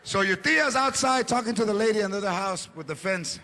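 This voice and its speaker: A man's voice: sits high, brisk, bright, forceful tone. A man doing a stand-up comedy set, telling stories animatedly and switching into Spanish phrases. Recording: live club, crowd laughter and noise.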